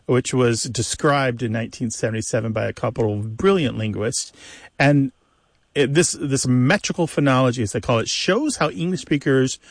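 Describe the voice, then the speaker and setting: A man's voice: medium pitch, no echo. A man co-hosting a language call-in show, explaining word stress in a professorial way with many examples. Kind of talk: explanatory radio chat.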